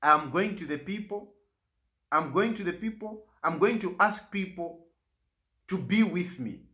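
A man's voice: high-pitched, expressive, a little slow, bright, forceful tone. A Zambian man, an opposition politician, making an impassioned public statement in an aggrieved, pleading way and repeating lines for emphasis.

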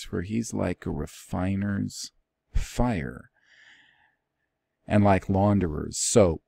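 A man's voice: deep voice, slow pace, vocal fry, pauses often, warm tone, breathy edge, no room sound. A man teaching an informal Bible study, reading passages aloud with rising emphasis and commenting in plain talk.

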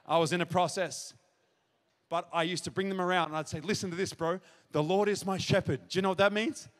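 A man preaching his testimony to a congregation, acting out conversations and building to shouted exclamations. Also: sits high, fairly even intonation, a little fast. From Australia. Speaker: pastor. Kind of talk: testimony sermon to a live congregation. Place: large church hall at a revival event. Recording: live hall reverb.

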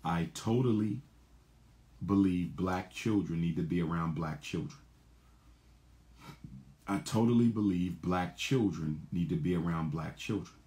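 A man's voice: low voice, a little slow, long pauses, dark tone. A man hosting a show, reading viewer questions aloud and answering them emphatically, often repeating his key lines word for word.

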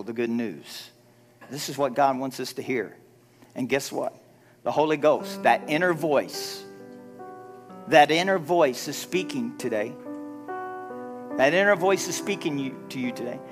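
A man preaching a sermon as a pastor in a church, building to loud emphatic repetitions and dropping low for quoted prayers. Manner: preaching with rising, shouted emphasis and repeated phrases. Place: church sanctuary. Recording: live church sermon with music behind. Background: music.

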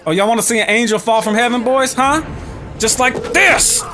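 A man's voice: very high-pitched, normal speed. A man giving brash, joking commentary while playing a video game, taunting enemies and talking to viewers. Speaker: gaming YouTuber. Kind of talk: profane gameplay commentary. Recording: music playing behind.

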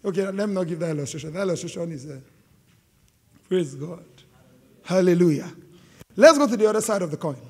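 A middle-aged man with a Nigerian accent, preaching an animated, joking sermon to a live congregation. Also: high voice, fairly quick, long pauses, slightly rough. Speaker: pastor. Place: large hall with live congregation. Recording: long hall reverb.

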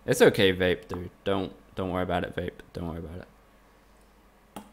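A man's voice: deep voice, steady tone, fairly quick, creaky, a little hiss or hum. A man from the UK, streaming a game live and trading teasing, sweary banter with his chat. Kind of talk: casual live-stream commentary.

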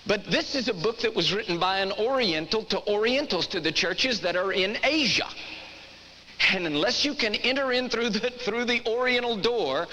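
A man's voice: high-pitched, bright, forceful tone. A man preaching a sermon, telling a story and then teaching with earnest, emphatic repetition. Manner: earnest, emphatic, repeats phrases for effect. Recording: echoey hall, faint background noise.

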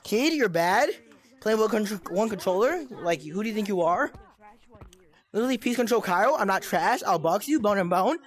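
A woman's voice: medium pitch, lively intonation, normal speed. Young woman trash-talking in a game. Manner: taunting, repetitive mock-tough insults. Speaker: gameplay streamer.

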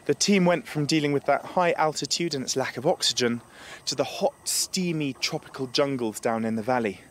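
A man presenting a travel documentary in an upbeat, clear way. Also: medium pitch, moderate pace, fairly bright tone, a little hiss or hum.

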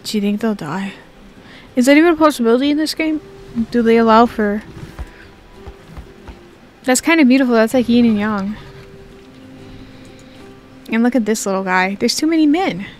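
A young woman giving casual, joking commentary to herself while she plays a game. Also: fairly high pitch. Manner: chatty, joking, talks to herself. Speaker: gaming video creator.

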